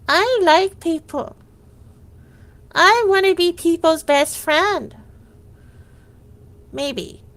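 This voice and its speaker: A woman with a high-pitched voice talks casually on a livestream. She vents in a rambling way, restarting sentences and leaning on "like" as she goes. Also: drawn-out words, long pauses, fairly bright tone. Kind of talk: casual venting monologue.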